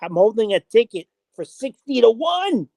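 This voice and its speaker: A man, an interview guest who plays horses, telling a story in a casual, animated way. He acts out what other people said and swears now and then. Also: extremely high pitch, moderate pace, no echo. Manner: animated, acts out quoted voices, frequent "I was like", mild swearing.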